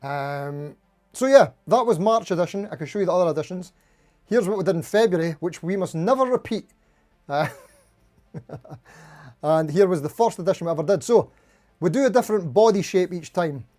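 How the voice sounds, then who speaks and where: A man's voice: high-pitched, expressive, normal speed, pauses often, darkish tone. A man hosting a casual live stream, chatting and greeting viewers one by one. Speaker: livestream host.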